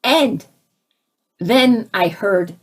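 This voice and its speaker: A woman with a slightly husky, breathy voice tells a personal spiritual story in a casual, lively way. She imitates sounds and other voices as she goes, and often restarts her sentences. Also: mid-range voice, very slow. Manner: frequent restarts, laughs between phrases. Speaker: spiritual speaker.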